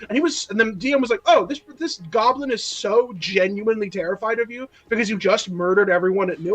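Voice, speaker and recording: A man who runs tabletop games, telling a story in casual chat with friends, animated and joking, swearing freely. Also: very high-pitched, quick pace, few pauses. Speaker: dungeon master and podcast co-host. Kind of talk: casual chat while gaming.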